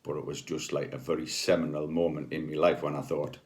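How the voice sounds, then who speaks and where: A man's voice: extremely low pitch, flat delivery, fairly quick, darkish tone. A middle-aged man, a healer telling personal stories in a chatty, rambling way with many ums and asides. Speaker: spiritual healer. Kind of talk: casual anecdotal storytelling.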